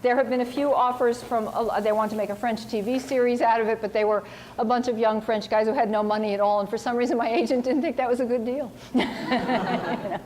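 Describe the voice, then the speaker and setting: A woman's voice: on the high side, fairly even intonation, a little fast, a little mellow, a little hiss or hum. A woman novelist speaking at a university seminar, chatty and self-mocking, acting out remarks she quotes. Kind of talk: casual talk answering audience questions.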